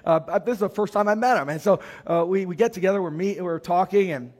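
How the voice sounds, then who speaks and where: A middle-aged man preaching a sermon as a pastor, animated and acting out the voices in his stories. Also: sits high, fast talker. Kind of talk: sermon with storytelling.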